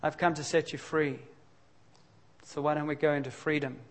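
A man's voice: on the high side, level tone, moderate pace. Candid, emphatic male preacher. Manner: candid, confessional, conversational with sudden emphatic bursts. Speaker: pastor. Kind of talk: sermon.

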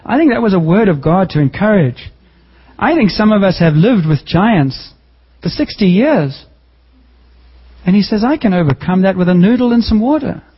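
Husky pastor preaching with lively jumps. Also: male voice, moderate pace, highs cut off. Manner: lively, joking preaching with sudden pitch jumps. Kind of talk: sermon.

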